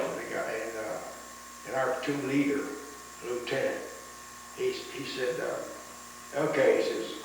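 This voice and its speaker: Older man recounting war memories, roomy. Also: medium pitch. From United States. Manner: rambling storytelling with many restarts, chuckling at the memories. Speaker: war veteran interviewee. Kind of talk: oral history interview. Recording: roomy, distant mic with faint hiss.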